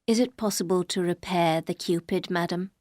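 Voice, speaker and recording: A woman's voice: fairly low pitch, steady tone, normal speed, a little mellow, no echo, clean studio sound, close to an everyday voice. A woman voicing a cold, scornful housekeeper who speaks in a stiff, formal way.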